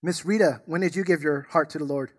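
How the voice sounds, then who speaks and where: A man's voice: on the high side, fast talker. A male pastor with a slightly raised voice delivers a sermon in a church sanctuary. He preaches emphatically, weaving in stories, and his delivery rises and falls with the message. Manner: emphatic, storytelling.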